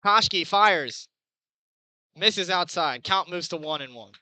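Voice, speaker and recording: A young man doing chatty baseball play-by-play commentary, getting excited on big plays. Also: high-pitched, takes it slowly, dry recording, rough recording. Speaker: play-by-play announcer.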